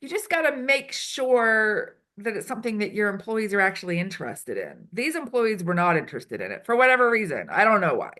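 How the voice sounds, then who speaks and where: A woman consultant being interviewed, chatty and animated, acting out quoted lines as she explains. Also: medium pitch, a little fast, few pauses. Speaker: HR consultant and improv performer. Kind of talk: casual interview answers. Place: Switzerland.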